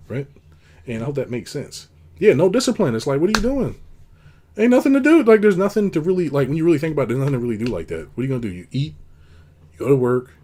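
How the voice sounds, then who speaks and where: Guy rambling through a casual talk, blunt advice, slips into high silly voices for quotes. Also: breathy edge. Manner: rambling, animated, acts out quotes in a high put-on voice. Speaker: host. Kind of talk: casual monologue.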